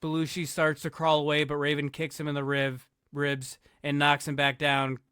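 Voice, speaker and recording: Podcast host, laid-back narrator, slightly high voice, crisp and dry. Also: male voice, monotone, moderate pace, pushed and bright, dry recording. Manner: laid-back, stumbles and self-corrects, self-deprecating. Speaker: podcast host narrating booked wrestling segments. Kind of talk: casual narration of wrestling scenarios.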